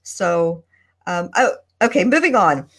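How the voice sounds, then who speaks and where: A woman on a video call at her desk, chatting on a panel and giving tips in a thoughtful, pausing way. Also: fairly low pitch, animated, slightly rough. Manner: thoughtful, deliberate, with pauses. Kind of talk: casual panel chat. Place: home desk.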